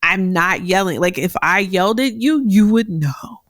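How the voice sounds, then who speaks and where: A woman hosting a career advice podcast, talking directly with a deep voice that carries, animated and quick to laugh. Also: no echo, studio quality. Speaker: podcast host.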